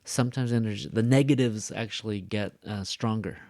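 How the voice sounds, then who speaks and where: A man's voice: lowish voice, moderate pace, darkish tone, dry recording. A man teaching an online English class, repeating words aloud and adding chatty asides over a shared screen. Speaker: ESL teacher.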